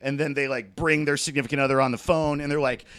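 A young man chats on a casual podcast in a slightly high voice, recorded close and dry with no room sound. He tells stories with lots of energy and swears freely. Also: quick pace, no echo. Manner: animated storyteller, swears freely. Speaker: podcast co-host. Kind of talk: casual chat.

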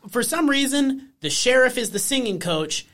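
A woman co-hosting a casual podcast, recapping a TV episode with swearing, jokes and quick impressions. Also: on the high side, expressive, a bit bright. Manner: profane, joking, slips into quick impressions. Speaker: podcast co-host.

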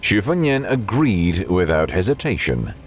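A man narrating an audiobook with measured storytelling and faint music behind. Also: low-pitched, wildly swooping pitch.

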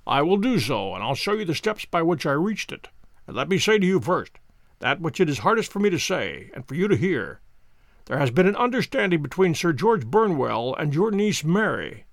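A man reading an audiobook, voicing a calm, self-assured detective who explains in measured tones. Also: fairly high pitch, creaky, no room sound. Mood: stern.

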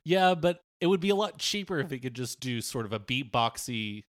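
A man riffing in an improvised comedy scene, rambling and jokey, making bass noises with his mouth. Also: expressive, brisk, dry recording, studio quality.

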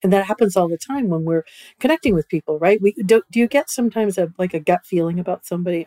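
A woman's voice: fairly low pitch, fast talker, mellow, no room sound. A woman guest on a podcast over a video call, explaining at length and often checking in with "right?". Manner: repeats "right?" often, starts phrases over. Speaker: guest expert. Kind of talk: conversational explanation.

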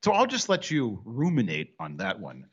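A man's voice: on the low side, wildly swooping pitch, moderate pace, breathy edge, lo-fi sound. A man hosting a casual sports talk show, wisecracking and rambling with frequent restarts.

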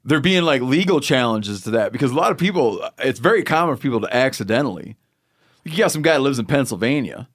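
A relaxed man hosts a casual podcast chat and asks his guest curious questions. His voice sits at a middle pitch. The sound is dry, with no room around it. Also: quick pace, dry recording. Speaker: podcast host.

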